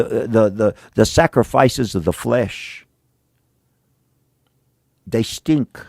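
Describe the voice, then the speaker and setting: A male pastor preaches in a casual, slang-sprinkled way, moving between emphatic lines and hushed ones. His voice carries a gravelly, fried edge. The sound is close and dry. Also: mid-range voice, animated, slow, pauses often, no echo. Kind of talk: sermon.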